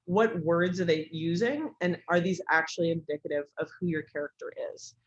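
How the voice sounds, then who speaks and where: A woman's voice: on the low side, a little fast. A woman teaching an online class in a casual way, with many ums and likes. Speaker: instructor. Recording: dull lo-fi recording.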